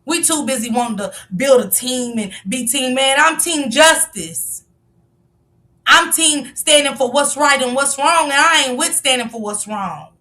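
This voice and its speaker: A woman's voice: sits high, measured pace, sharp tone, recorded from a distance. A woman giving passionate live-stream commentary, firing off rhetorical questions and sometimes raising her voice. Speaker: livestream commentator.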